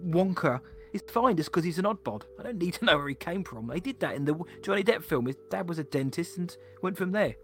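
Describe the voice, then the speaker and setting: Male co-host, slightly higher voice, opinionated casual chat, faint music under. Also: expressive. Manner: opinionated, chatty, quick asides. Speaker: podcast co-host.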